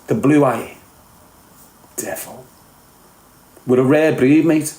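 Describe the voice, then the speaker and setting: A man's voice: medium pitch, slow pace, darkish tone, reverberant, low-quality recording. A man with a Liverpool Scouse accent talking bluntly and emphatically in a casual podcast chat, swearing often. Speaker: podcast guest.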